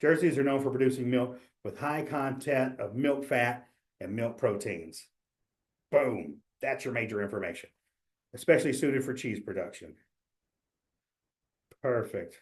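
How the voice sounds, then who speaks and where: A man's voice: medium pitch, measured pace, pauses often. A man giving a casual exam prep webinar, talking loosely with fillers, restarts and small jokes. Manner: loose, chatty, joking, many fillers and restarts.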